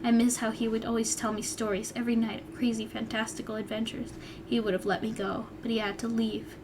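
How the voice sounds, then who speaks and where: A woman's voice: on the high side, level tone, fairly quick, noisy background. A young woman vlogger reading her old story aloud and breaking off for wry, chatty asides. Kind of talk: reading aloud with casual commentary.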